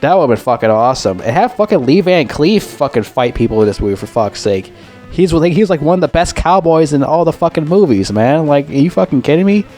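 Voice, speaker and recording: A man's voice: a little high, very animated, a little fast, a little mellow, soft background music. A man giving a casual, profane movie review, rambling and complaining in an exasperated way.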